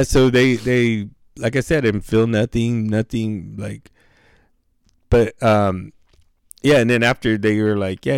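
A man's voice: fairly low pitch, creaky, darkish tone, clear, resonant tone, no room sound, studio quality. A man casually telling a story on a podcast, laid-back and slangy, swearing freely and laughing as he talks.

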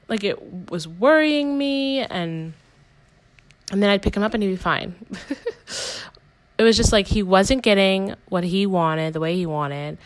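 There's no room sound, but the audio quality is poor as a young woman of medium pitch hosts her casual personal podcast. Candid and rambling, she keeps saying "like" and correcting herself.

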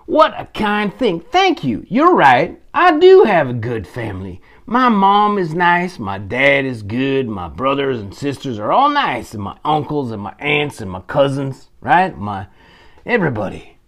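A man voicing a proud, grateful male farm rooster in a children's story, talking high and excited. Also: unhurried.

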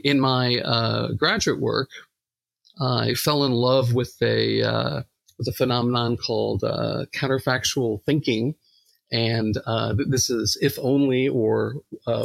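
Gravelly-voiced man telling a story. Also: mid-range voice, no echo. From Long Island, New York. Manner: relaxed storytelling with many fillers. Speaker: psychology professor guest. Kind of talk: podcast interview.

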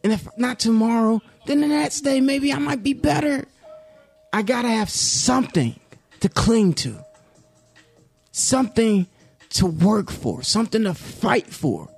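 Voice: mid-range voice, lively intonation, measured pace, vocal fry, darkish tone, slightly rough, soft background music. A commentary YouTuber talking in a casual, reflective vlog monologue, slangy and laid-back, dropping "yo" often and musing in a self-encouraging way.

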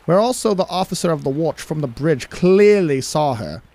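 A man's voice: fairly high pitch, lively intonation, a little mellow. A man putting on a clumsy British accent for an old sea log. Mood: solemn reading. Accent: attempted British. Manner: slow, deliberate reading.

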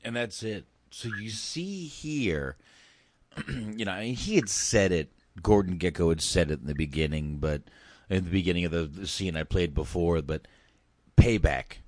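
A man's voice: low-pitched, animated, normal speed, darkish tone, no echo. A man giving casual, rambling reaction commentary on a film clip, swearing and restarting his sentences. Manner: rambling, profane, hesitant restarts.

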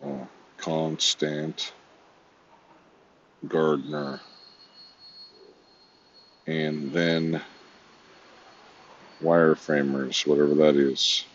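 A man's voice: very deep voice, flat delivery, drawn-out words, pauses often, dull audio, slight background noise. A man talking to himself in a rambling, disjointed monologue, swearing now and then.

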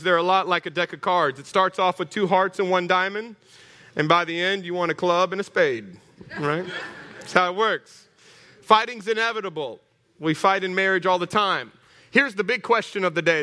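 Bright-voiced preacher with a high pitch. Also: male voice, in a large hall. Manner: animated, humorous, rallying the congregation. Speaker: pastor. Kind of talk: sermon. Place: church hall.

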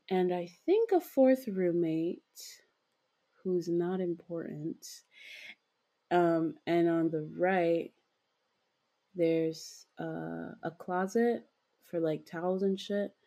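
A young woman co-hosting a podcast describes a dream in a lowish, dark voice. She rambles and giggles, using lots of fillers and swearing casually.

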